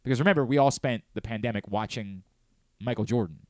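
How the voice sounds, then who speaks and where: A man's voice: medium pitch, fast, darkish tone, no echo. Earnest man hosting sports radio, dry close mic. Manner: earnest and candid, with many stammered restarts. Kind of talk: casual sports talk radio monologue. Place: radio studio. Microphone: close studio mic.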